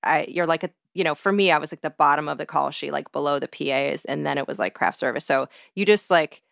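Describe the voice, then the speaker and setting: Low gravelly woman telling stories. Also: quick pace, fairly bright tone, no echo, clean studio sound. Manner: chatty storyteller, lots of "like". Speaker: podcast guest. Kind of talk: casual chat.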